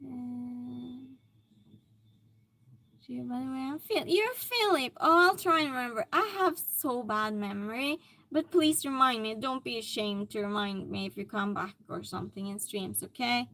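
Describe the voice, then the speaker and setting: High-voiced, unhurried woman streamer. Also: pushed and bright. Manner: chatty, reacting to chat comments aloud. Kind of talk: casual live-stream chat.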